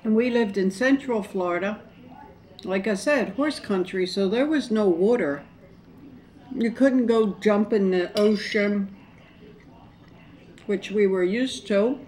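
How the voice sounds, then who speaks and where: A woman's voice: mid-range voice, slow pace, pauses often, a little mellow. A middle-aged woman chatting casually to camera during a mukbang, rambling and folksy. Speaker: mukbang vlogger. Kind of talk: casual chat to camera while eating.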